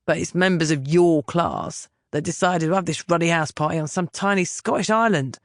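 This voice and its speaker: A man's voice: a little high, moderate pace, dry recording, clean studio sound, natural voice. A woman voicing a blunt, combative young man who is stubborn and afraid of the sea, in an audiobook. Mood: heated. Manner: gruff, combative, plain-spoken.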